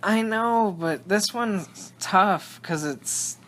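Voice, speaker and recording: Speaking extremely slowly in a high, fairly bright voice, a young podcast co-host chats casually. He rambles, breaks off mid-sentence, and laughs a lot.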